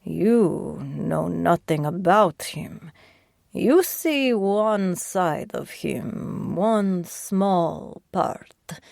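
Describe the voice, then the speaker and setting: A woman voicing a menacing old Russian crime boss, with a thick Russian accent, drawling slowly and condescendingly in an audiobook. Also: lowish voice, expressive, creaky, darkish tone, no room sound, studio quality, heavily acted. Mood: grim.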